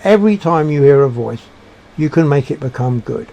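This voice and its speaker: A man giving a reflective monologue, halting and searching for words with frequent restarts. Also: on the high side, lively intonation, vocal fry, mellow. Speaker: speaker sharing personal beliefs.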